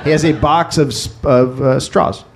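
A man's voice: medium pitch, fairly even intonation, normal speed. A man co-hosting a live comedy podcast, telling stories in a brash, profane, teasing way. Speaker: podcast co-host. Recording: live stage recording with background noise.

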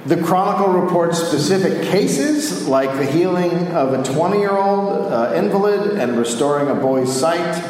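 A man's voice: a little high, animated, unhurried, hardly any pauses, a little mellow, a little hiss or hum. A man co-hosting a live comedy podcast, narrating a history story. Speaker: podcast co-host. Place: live theater stage. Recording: echoey live hall.

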